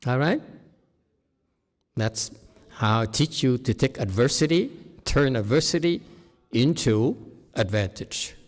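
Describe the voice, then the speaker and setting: A man teaching as a meditation master in a dharma talk, shifting from quiet murmurs to loud, laughing exclamations. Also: medium pitch, expressive, slow, pauses often, faint music behind. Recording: long hall reverb.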